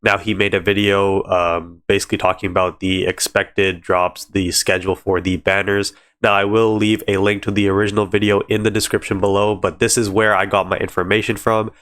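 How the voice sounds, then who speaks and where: A man's voice: fairly low pitch, little pitch movement, a little fast, hardly any pauses, a bit bright. A man with a congested voice, chatting casually to his channel about a game's upcoming banners. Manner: chatty, explains step by step with many "so" and "again". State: congested from allergies. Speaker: gaming YouTuber. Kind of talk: casual game news talk to camera.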